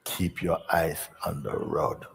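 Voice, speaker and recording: A man voicing a calm, firm male driving instructor who speaks slowly and steadily. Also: medium pitch, in a large hall, natural voice. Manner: slow, steady, insistent.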